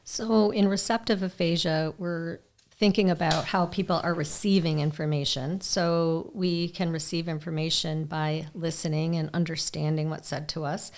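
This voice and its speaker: A speech pathologist walks through her points methodically as a podcast guest. Her voice is low for a woman. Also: fairly even intonation, moderate pace. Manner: methodical, explanatory, with fillers. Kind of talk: explaining in a podcast interview.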